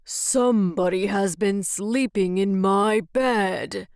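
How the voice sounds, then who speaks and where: A woman's voice: medium pitch, slow, a little mellow, smooth, no echo, studio quality. A woman voicing a big father bear in a storybook reading, with a growly voice. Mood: indignant.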